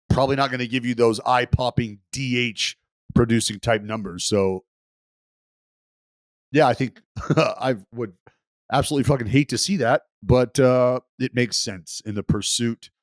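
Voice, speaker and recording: A podcast co-host with a medium-pitched voice chats casually, swearing freely and laughing often. The recording is dry with clean studio sound.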